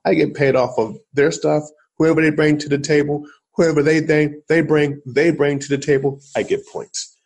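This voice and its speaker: A man's voice: fairly high pitch, fairly even intonation, normal speed, darkish tone, a little hiss or hum, pitched above the performer's own voice, close to an everyday voice. A man voicing a laid-back male record producer with a put-on Scottish accent, boasting in a casual, matter-of-fact way. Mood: relaxed boasting.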